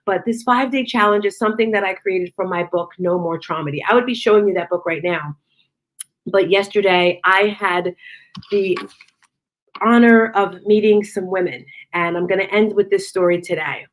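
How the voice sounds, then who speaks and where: A woman's voice: mid-range voice, moderate pace. A middle-aged woman giving a casual, earnest motivational talk to viewers, telling a personal story in an upbeat way. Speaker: motivational speaker.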